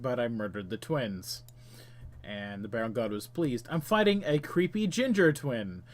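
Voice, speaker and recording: A man hosting a game stream, chatting casually and reading the game's text aloud while muttering to himself as he plays. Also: fairly high pitch.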